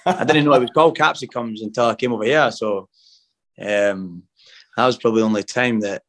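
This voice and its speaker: A man's voice: medium pitch, brisk, fairly bright tone. A young Scottish man, a footballer, chatting casually in an interview, rambling and laid-back, calling everyone mate. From Scotland.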